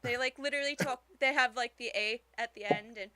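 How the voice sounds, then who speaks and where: A woman chatting casually on a stream, agreeable and quick to laugh. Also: fairly high pitch, bright, forceful tone, no room sound. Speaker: stream co-host. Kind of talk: casual chat.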